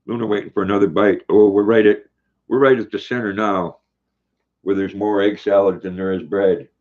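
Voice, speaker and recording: Older man, low voice, folksy, live chat host, dull lo-fi sound. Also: steady tone, normal speed. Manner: folksy, repeats words while reading chat aloud. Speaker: livestream host. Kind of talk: casual livestream chat, reading comments. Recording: dull lo-fi stream audio.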